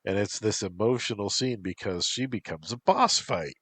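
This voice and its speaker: A man's voice: fairly low pitch, lively intonation, moderate pace, a bit bright, breathy edge, dry recording. A man voicing an eager young male student rambling about old video games.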